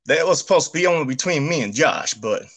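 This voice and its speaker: Brief: caller, bright forceful voice, lively folksy drawl. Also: male voice, a little high, fast. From Texas. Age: young adult.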